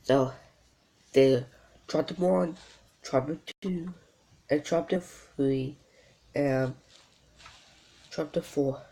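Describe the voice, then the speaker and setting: A man hosting his channel, reacting to a video in halting casual commentary full of fillers and repeats. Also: fairly high pitch, warm tone.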